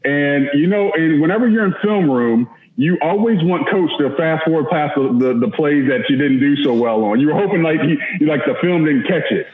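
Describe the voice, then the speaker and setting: A man's voice: fairly high pitch, expressive, normal speed, few pauses. A man, a former college lineman, telling a self-deprecating story as a podcast guest. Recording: roomy, slightly dull audio with faint noise.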